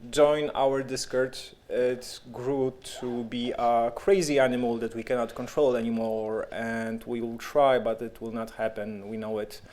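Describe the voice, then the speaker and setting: A man's voice: mid-range voice, flat delivery, unhurried, few pauses, a little mellow. A man with a Polish accent chatting casually and jokingly on a live stream, tripping over and repeating words now and then. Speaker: game developer streamer. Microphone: handheld microphone.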